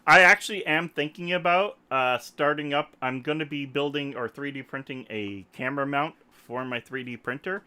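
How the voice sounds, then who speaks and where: A man's voice: a little high, moderate pace, hardly any pauses, smooth. A man hosting a podcast, ranting in an emphatic, joking way during casual chat. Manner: animated, emphatic, jokey ranting. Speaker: podcast host. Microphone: desktop microphone.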